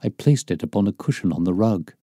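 A man reading a classic detective novel aloud as storyteller, in measured, descriptive narration. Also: lowish voice, lively intonation, dark tone, dry recording, studio quality.

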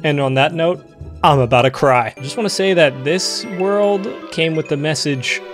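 A young man giving comedic let's-play commentary, joking and breaking into sudden loud outbursts. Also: fairly high pitch, moderate pace. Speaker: gaming YouTuber. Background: game music.

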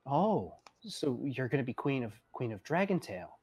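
A man voicing Arthur, a grown father speaking gently and cautiously to a child. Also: mid-range voice, sing-song, moderate pace, breathy edge. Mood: puzzled.

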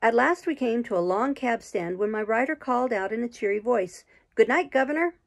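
A woman reading a classic novel aloud in slow, measured storybook narration. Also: fairly high pitch, gravelly. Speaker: audiobook reader.

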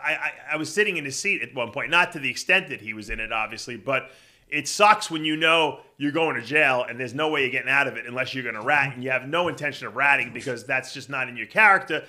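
A man's voice: medium pitch, fast talker, bright, forceful tone. A man hosting a podcast, chatting casually and reassuring his guest, with lots of "you know". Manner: talkative, reassuring, fond of fillers like "you know". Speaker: podcast host. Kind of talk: casual chat, interviewing.

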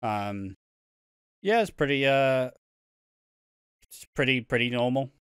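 A man co-hosting a podcast, recapping a soap opera in casual, sweary, animated rants. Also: medium pitch, slow pace, clear, resonant tone, dry recording, clean studio sound. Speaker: podcast co-host.

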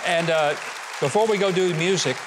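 A man's voice: on the high side, moderate pace, a crowd in the background, noisy background. A man hosting a talk show, introducing and prompting a musician guest with short, encouraging questions.

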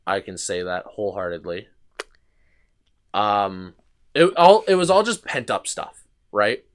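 A man's voice: on the low side, very animated, unhurried. A young man hosting a podcast, telling a long casual story with restarts, fillers and swearing. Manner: rambling anecdotes with frequent restarts and swearing. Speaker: podcast host.

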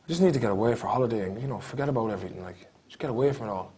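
An actor playing a brash, scheming young Irish job seeker, talking in thick rural slang. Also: male voice, fairly low pitch, animated, racing, dark tone, slightly rough. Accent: Irish, Mayo.

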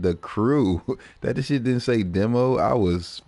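A man streaming games, telling stories in a profane, animated way and laughing often between lines. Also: low voice, a little slow, dry recording. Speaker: gaming livestreamer. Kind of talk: casual livestream commentary.

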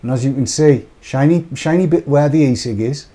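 A man's voice: medium pitch, fairly quick, dark tone, a little hiss or hum. A man hosting a live show, chatting and joking off the cuff as he rambles through products. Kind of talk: casual live-stream chat.

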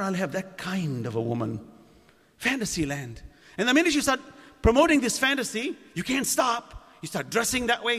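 A man with a very high-pitched, pushed and bright voice delivers a sermon at a mosque gathering in a community centre lecture hall, asking the audience rhetorical questions. Long hall reverb is audible.

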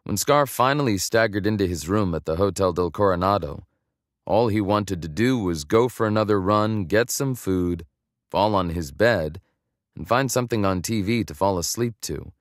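A man reading a romance audiobook in a measured, even storytelling manner. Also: low-pitched, dry recording, clean studio sound. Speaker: audiobook narrator. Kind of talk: scripted romance narration.

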